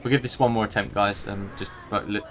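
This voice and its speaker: A man leading a game raid over voice chat, calm and organizing, with polite fillers. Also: on the low side, fairly quick, background noise. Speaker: raid leader. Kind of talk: casual voice chat.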